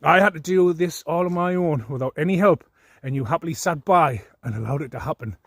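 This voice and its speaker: A man's voice: a little high, a little fast, no room sound, studio quality. A man in an angry, profane monologue, mocking his critics and laughing at them.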